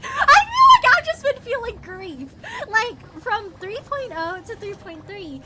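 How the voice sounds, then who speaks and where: Very high-pitched bubbly woman streamer. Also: big pitch swings, a little slow, few pauses. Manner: bubbly, giggly, greets chat by name. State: voice still recovering from strain. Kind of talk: casual live-stream chat. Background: game music.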